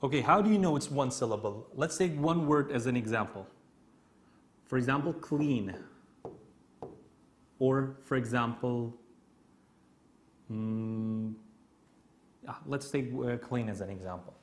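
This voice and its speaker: A native Kurdish speaker with a Kurdish accent teaches an English grammar lesson, explaining slowly and repetitively, step by step, and checking in often with "okay?". His voice is mid-range, with slight background noise in the clip.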